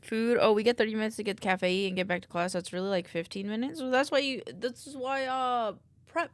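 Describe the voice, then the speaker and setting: A woman's voice: fairly high pitch, brisk, dry recording. A sleepy woman streamer chatting casually, reading chat aloud and yawning while she works. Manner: rambling, reads chat aloud while working, drowsy.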